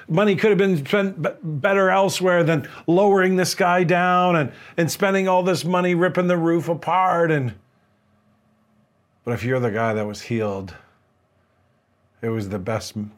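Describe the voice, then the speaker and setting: Earnest guy pastor giving a sermon, stumbles and repeats words a lot, mid-pitched voice. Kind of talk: sermon with personal story.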